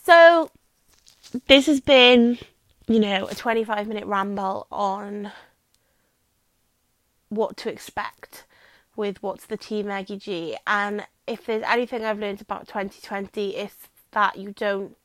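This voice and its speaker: A woman's voice: medium pitch, measured pace, fairly bright tone. A young Welsh woman hosts her own podcast, rambling along in a chatty, self-deprecating way. She talks into a microphone while lying on her bed. The sound is dry and close, with no room echo. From Wales. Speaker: podcast host. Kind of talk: casual chat.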